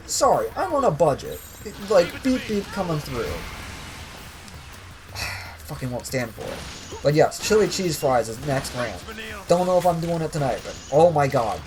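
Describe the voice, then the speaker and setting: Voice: mid-range voice, background noise. Young streamer ranting with profane exasperation. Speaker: streamer playing a video game. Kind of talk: casual ranting commentary while gaming.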